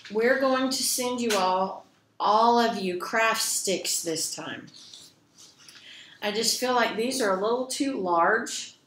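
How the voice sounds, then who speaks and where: A woman librarian tells a story to children in a gentle, expressive way. She speaks slowly and talks straight to the kids. Her voice echoes noticeably in the room. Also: a little high, slight background noise.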